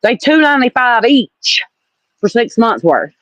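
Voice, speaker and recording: A woman's voice: on the high side, big pitch swings, unhurried, a bit bright, no room sound, poor audio. A woman from Alabama with a Southern accent, chatting with viewers on a casual livestream, blunt and salty, calling people honey. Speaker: livestream host.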